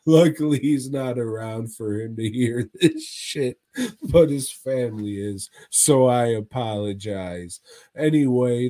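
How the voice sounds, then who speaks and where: A man's voice: medium pitch, mellow. A man co-hosting a casual podcast, rambling with heavy swearing and frequent laughs. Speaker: podcast co-host.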